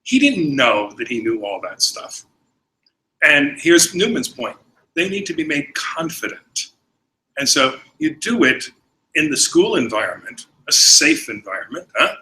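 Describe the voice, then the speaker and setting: A man, a priest, giving a conference lecture, often clearing his throat and telling anecdotes. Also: medium pitch, sharp tone, poor audio.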